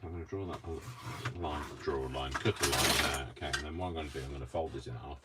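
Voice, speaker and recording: A man's voice: extremely low pitch, fast, heavy background noise. A man chatting casually while crafting at home, giggly and prone to singing snippets. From England. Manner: chatty, giggly, breaks into song. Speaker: crafting vlogger.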